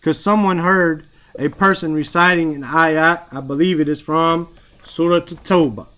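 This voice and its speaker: A man with a fairly high voice leads an online Arabic grammar lesson, talking over a headset or computer mic. He explains casually in English, repeats short Arabic phrases and keeps checking in with his students by asking "right?". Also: steady tone, normal speed, pushed and bright. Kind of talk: online Quran grammar class.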